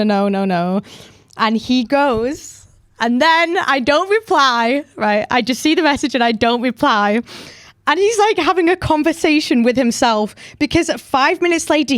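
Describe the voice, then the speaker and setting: A young woman hosting a podcast, telling a story in a chatty, animated way with lots of "like" fillers. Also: on the high side, no echo, studio quality. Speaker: podcast host. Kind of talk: casual storytelling chat.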